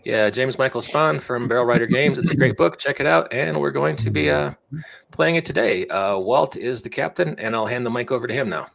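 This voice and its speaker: A man as a player who chats and teases in a relaxed way. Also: mid-range voice, brisk, gravelly, no room sound. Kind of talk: casual table chat.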